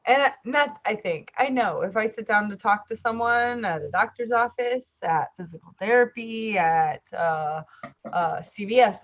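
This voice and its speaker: A woman's voice: medium pitch, dull audio. A woman co-hosting a casual podcast, telling a rambling, conversational story. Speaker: podcast co-host.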